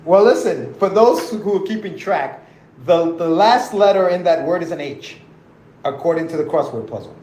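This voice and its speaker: A man's voice: sits high, lively intonation, normal speed, a little mellow, reverberant, rough recording. A man hosting a casual podcast stream, joking, laughing and reading viewer comments aloud during a crossword game. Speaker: podcast host. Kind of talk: casual live-stream chat with puzzle game.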